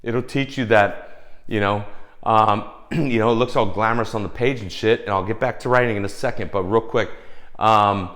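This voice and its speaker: A man's voice: on the low side, fairly even intonation, normal speed, a bit bright. Profane, rambling man giving advice. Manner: profane, rambling, heavy with fillers. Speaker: screenwriter giving career advice. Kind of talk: casual advice talk.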